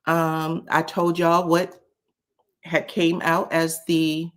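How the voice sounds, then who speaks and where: A woman's voice: deep voice, slow. Sassy woman spilling reality TV talk. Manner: sassy, animated, says "child" often; frequent chuckles and filler "um". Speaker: host of a reality TV commentary channel. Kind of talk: casual commentary monologue.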